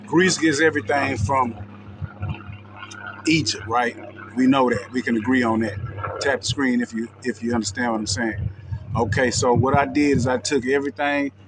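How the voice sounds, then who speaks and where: A man with a Texan twang talks to his livestream audience in a loose, direct and unhurried way, sprinkling in "you know what I'm saying". His pitch sits in the middle of the usual male range. Faint noise hangs behind him. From Texas. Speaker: livestream host. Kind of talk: casual livestream talk.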